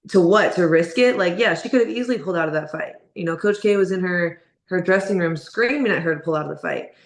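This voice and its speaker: A woman boxer speaks fast in a casual interview, her voice on the low side and the sound roomy. She's candid and blunt, leaning heavily on fillers like "like" and "you know".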